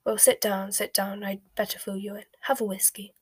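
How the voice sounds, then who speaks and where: A woman reading a storybook aloud and voicing a flustered, pompous male wizard minister in a louder, brisk voice. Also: medium pitch, level tone, slight background noise, lightly acted. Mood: brusque. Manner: blustering and brisk, louder than the narration.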